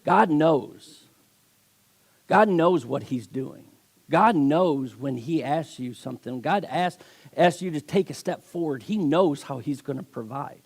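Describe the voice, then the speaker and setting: A man's voice: fairly high pitch, lively intonation, unhurried, creaky, a little mellow. A man preaching a sermon as a guest speaker, telling stories with acted voices and emphatic delivery.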